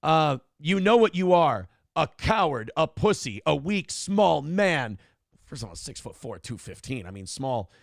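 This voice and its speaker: A man's voice: on the high side, very animated, a little slow, vocal fry, no echo, clean studio sound. A man hosting a casual morning show, talking in a blunt, profane and sardonic way. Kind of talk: casual podcast chat.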